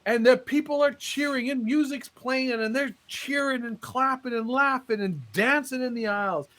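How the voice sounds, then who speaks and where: A man co-hosting a podcast, telling a comic story as a dramatic storyteller with suspenseful pauses. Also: very high-pitched, fairly bright tone. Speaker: podcast co-host.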